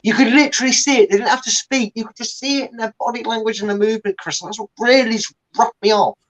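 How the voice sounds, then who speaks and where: A man's voice: sits high, steady tone, quick pace, a bit bright, rough recording. A man co-hosting a fan channel's post-match chat, ranting about the team and acting out the manager and players. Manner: ranting, acts out the manager and players in little put-on voices. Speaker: co-host and fan pundit.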